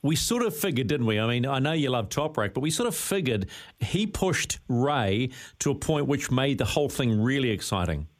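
A man hosting a sports talk radio show in a chatty, easygoing way. He often repeats words and restarts as he works his way into a question, with an ordinary mid-pitched voice. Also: big pitch swings, normal speed. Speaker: radio host. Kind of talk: casual radio sports chat.

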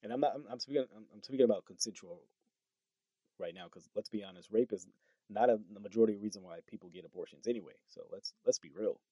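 A man's voice: fairly low pitch, fast talker, breathy edge, no room sound. A man giving casual political commentary, reading tweets aloud and reacting with incredulous, stumbling remarks and short laughs. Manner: animated, incredulous, stumbles over words with laughs.

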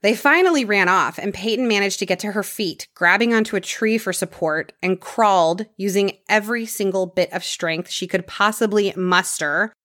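A woman's voice: mid-range voice, moderate pace, few pauses, fairly bright tone, dry recording, clean studio sound. A woman hosting a podcast, telling a true crime story in a casual conversational way and dropping her voice for grim details.

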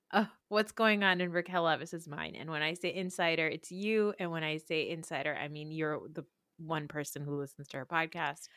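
A woman's voice: deep voice, fairly even intonation, normal speed, a bit bright, no room sound, studio quality. Laughing, chatty woman podcast host. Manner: laughs often, swears casually. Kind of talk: casual chat.

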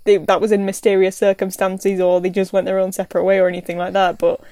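A woman chats quickly on a podcast in a mellow, dark voice, and the recording sounds dry and close. She rambles through her anecdotes in an easy, conversational manner. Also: medium pitch, flat delivery, no room sound. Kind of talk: casual podcast chat.

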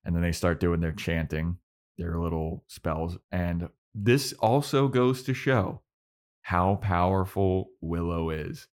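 A young man with a deep, low-pitched voice recaps an episode in casual podcast chat. He tells it animatedly, jumping into mock voices for the characters and swearing freely. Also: slow, darkish tone. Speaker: podcast co-host.

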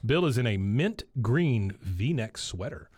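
A man's voice: mid-range voice, animated, slow pace, a little mellow, slightly rough, dry recording. A joking man co-hosting a casual podcast recap, with a dry, close sound and a mid-range voice. He retells scenes and adds quips. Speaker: podcast co-host. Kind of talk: casual episode recap chat.

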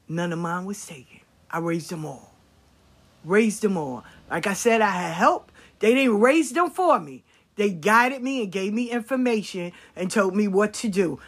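A woman's voice: mid-range voice, lively intonation, moderate pace. A woman speaking casually to her viewers, blunt and profane, repeating her points for emphasis. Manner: emphatic repetition.

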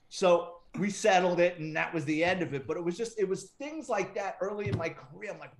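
Animated, profane middle-aged man storyteller. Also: high-pitched, fairly quick, hardly any pauses, slight background noise. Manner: profane, animated anecdote-telling with quoted dialogue. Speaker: retired police detective, guest. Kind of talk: casual storytelling interview.

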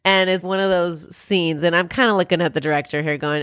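A woman co-hosting a podcast, chatting casually and playfully, often adding quick asides. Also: fairly low pitch, steady tone, dry recording, clean studio sound. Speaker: podcast co-host. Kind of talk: casual chat.

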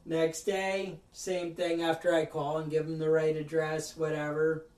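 A man with a high voice tells a story in a worked-up, ranting way, putting on the voices of the people in it. He sits back from the mic in a roomy space, so the sound carries some echo. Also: level tone, normal speed, a little mellow, far from the mic. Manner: ranting storyteller, acts out other people's lines. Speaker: podcast host. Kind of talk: casual podcast chat.

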